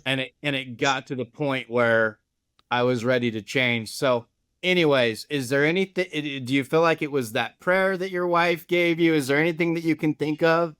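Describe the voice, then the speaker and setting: A man with a smooth, clear voice co-hosts a podcast, asking thoughtful questions and mixing in his own story. The recording is dry and close. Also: on the high side, fairly even intonation, moderate pace, fairly bright tone, no echo. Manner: reflective, probing, shares his own experience. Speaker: podcast co-host. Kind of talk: conversational interview questions.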